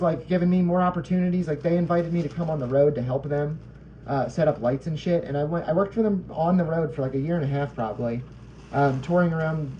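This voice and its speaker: A man's voice: fairly high pitch, warm tone, muffled recording, slight background noise. A man chatting loosely on a live stream from his kitchen, rambling and swearing, packing every sentence with "like.". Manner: loose and profane, constant "like" fillers. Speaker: podcast host and musician. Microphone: phone.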